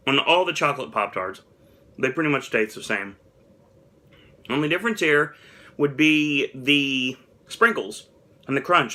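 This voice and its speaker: A man's voice: mid-range voice, bright, forceful tone. A young man chatting casually on camera as he taste-tests snacks, candid and a little dramatic about the flavors. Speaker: food review vlogger. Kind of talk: casual taste-test commentary.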